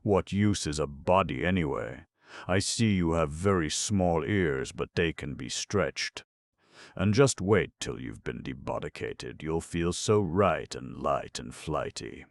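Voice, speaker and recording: Sly flying head monster, oily rasp, very low and gravelly, man voices it. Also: expressive, a little slow, dry recording, clean studio sound, exaggerated voice. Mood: menacing. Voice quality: oily, rasping. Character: ugly bodiless flying headman, oily and sly.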